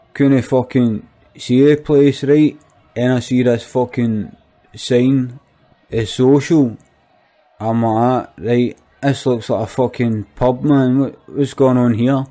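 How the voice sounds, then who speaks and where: A man's voice: mid-range voice, warm tone, natural voice. A man with a Glaswegian accent playing a skint, foul-mouthed young Glasgow man, rambling and swearing constantly in a comic rant. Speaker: comic monologue character.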